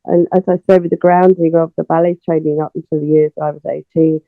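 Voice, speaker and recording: Animated woman on a phone line. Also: deep voice, fast talker, no echo, faint music behind. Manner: animated storyteller, acts out dialogue, many fillers. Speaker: interview guest, singer. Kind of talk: casual interview storytelling. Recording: tinny phone line, dry.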